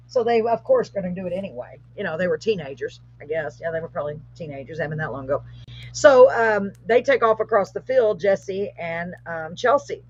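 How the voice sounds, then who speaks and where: A middle-aged woman, hosting a live show and telling a paranormal story in a casual, animated way, with rising excitement. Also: lowish voice, a little fast, breathy edge. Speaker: host. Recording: muffled lo-fi live stream audio.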